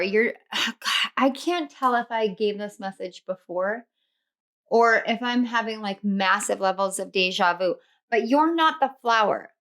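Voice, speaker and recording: A woman's voice: on the high side, a bit bright. Effusive, gushing woman tarot reader. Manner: effusive, affectionate, repeats encouragements. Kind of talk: casual tarot reading to camera.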